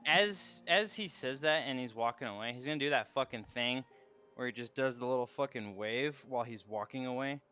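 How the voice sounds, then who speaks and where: A man's voice: medium pitch, a little fast, pushed and bright, clean tone. A man playing a tabletop game, loosely describing his character's actions and swearing casually. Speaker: player. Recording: muffled lo-fi mic, music underneath.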